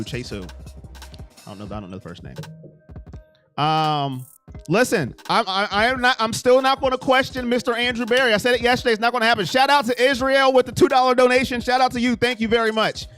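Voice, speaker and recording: Casual live-stream host, male, a touch high-pitched, rambling and reactive to chat, faint music underneath. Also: fairly bright tone.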